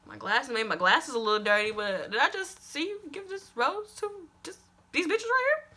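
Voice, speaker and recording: A young woman telling a personal story in a storytime vlog, animated and emphatic, repeating lines for effect and swearing casually. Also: sits high, normal speed. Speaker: vlogger.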